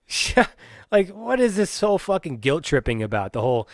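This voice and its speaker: A man's voice: fairly high pitch, big pitch swings, moderate pace, no echo, studio quality. A man from Pennsylvania, hosting his own podcast and ranting in a profane, rambling way, full of restarts and fillers. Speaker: podcast host.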